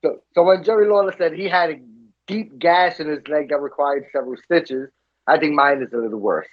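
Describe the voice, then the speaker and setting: A podcast co-host with a fairly high voice talks briskly in a casual chat, eagerly telling his own stories and tripping over repeated words. The lo-fi audio is slightly muffled.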